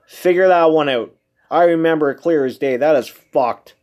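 A man with a slightly higher voice hosts his own casual podcast, talking alone to his listeners. He swears constantly and sounds emphatic and incredulous. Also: moderate pace, darkish tone. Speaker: podcast host. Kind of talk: casual solo podcast monologue.

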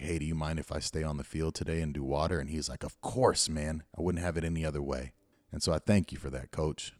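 Deep-voiced earnest man host. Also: a little mellow, no room sound, studio quality. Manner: earnest, storytelling, encouraging. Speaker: podcast host and youth football coach. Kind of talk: motivational podcast monologue.

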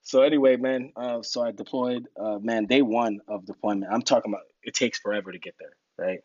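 A man telling war stories in a casual podcast interview, animated and laughing, acting out other people's lines in a raised voice. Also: brisk, no room sound. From United States. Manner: animated storyteller, acts out quotes in high voices, laughs often. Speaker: guest. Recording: dull lo-fi podcast audio.

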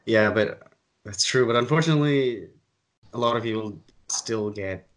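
A man's voice: lowish voice, normal speed. Dry, ironic man from Asia. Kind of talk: casual chat.

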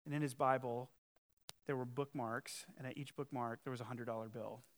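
With a steady, medium-pitched voice at normal speed, a male pastor preaches a sermon, moving from loud challenge to quiet, earnest appeal. He's emphatic throughout, mixing in conversational asides and rhetorical questions.

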